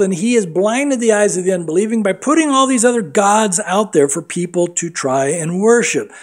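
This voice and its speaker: Emphatic preaching pastor, fairly high voice. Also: male voice, darkish tone. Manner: emphatic preaching, quoting scripture. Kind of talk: sermon.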